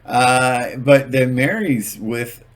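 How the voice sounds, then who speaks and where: Slow-talking guy rambling through stories, lots of uhs, acts out little skits. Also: fairly low pitch, animated, background noise. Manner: rambling and hesitant, acting out little skits in different voices. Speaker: channel host. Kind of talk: casual storytelling monologue.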